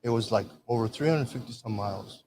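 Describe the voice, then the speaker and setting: A man's voice: medium pitch, fairly quick, warm tone. Older man, veteran guest, rambling anecdotes, light background noise. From Michigan. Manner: rambling storyteller, acts out quoted dialogue. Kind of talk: casual storytelling.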